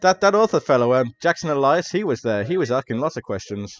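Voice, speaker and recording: A man's voice: mid-range voice, very animated, fast, natural voice. A jovial, hospitable male professor, as a man puts him on chats away, trailing off and restarting as he offers drinks. His voice sits in a middling register, and the audio is a little dull and lo-fi. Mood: friendly.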